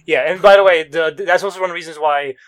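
Casting: brisk, animated guy, bit high, loose and profane, comic-book podcast energy. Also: clean tone. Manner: excitable, swears a lot, acts out characters' lines. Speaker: podcast co-host recapping a comic. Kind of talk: casual chat.

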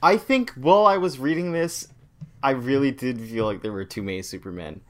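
A man's voice: medium pitch, animated, a little fast. A man in casual podcast chat, giving dry, wry remarks about a comic. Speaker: podcast co-host.

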